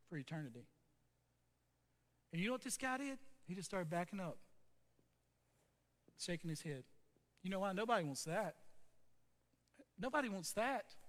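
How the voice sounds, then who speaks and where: Pastor, male, high and bright voice, sermon delivery, lots of "okay?" asides, church hall reverb. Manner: storytelling preacher, conversational asides.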